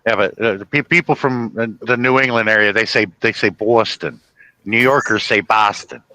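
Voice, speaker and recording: A man from the Chicago area hosting a casual chat, rambling through stories with halting restarts. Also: medium pitch, pushed and bright, a little hiss or hum, rough recording. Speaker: host.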